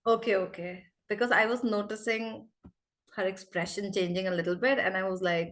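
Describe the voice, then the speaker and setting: A woman's voice: mid-range voice, moderate pace, fairly bright tone. A woman with an Indian English accent teaching a live online class over a video call, chatty and calling students by name.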